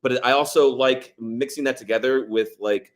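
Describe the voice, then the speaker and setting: A man's voice: medium pitch, normal speed. A man co-hosting a podcast, chatting casually about favorite movie lines and quoting them in put-on voices. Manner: animated, quotes film lines in put-on voices. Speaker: podcast co-host. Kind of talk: casual movie review chat.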